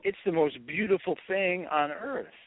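A middle-aged man, an author being interviewed, telling stories in an animated, opinionated way. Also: high-pitched, a little slow, no room sound. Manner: expansive storyteller, animated, opinionated. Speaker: author, guest. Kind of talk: radio interview talk. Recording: tinny phone-like radio sound.

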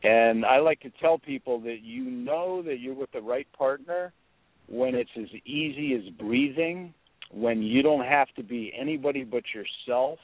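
A middle-aged man, an author being interviewed, telling stories in an animated, opinionated way. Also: medium pitch, a little slow, dry recording. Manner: expansive storyteller, animated, opinionated. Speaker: author, guest. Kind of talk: radio interview talk. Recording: tinny phone-like radio sound.

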